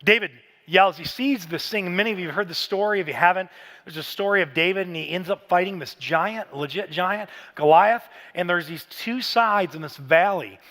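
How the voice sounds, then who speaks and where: A man in his thirties delivers a Father's Day sermon with a high, light voice. He talks casually and animatedly, telling stories and sometimes breaking into shouts. The sound carries a long church-hall reverb. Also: normal speed. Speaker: pastor. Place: large church auditorium.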